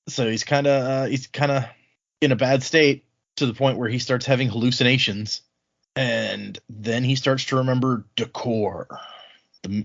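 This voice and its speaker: A man hosting a book podcast, casually recapping the chapters and acting out characters' lines in quick asides. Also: medium pitch, a bit bright, dull audio. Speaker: podcast host. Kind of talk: casual book-club chat.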